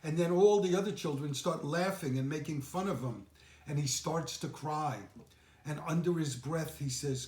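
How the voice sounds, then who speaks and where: A man giving a sermon as senior minister, telling stories gently and unhurriedly with reflective pauses. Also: on the high side. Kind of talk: sermon with storytelling. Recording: echoey room.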